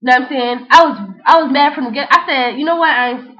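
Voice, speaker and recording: This vlogger is a young woman with a high voice who talks fast, telling animated, slangy stories and freestyling raps. She frequently says "you know what I'm saying," and the recording is a dull lo-fi home setup.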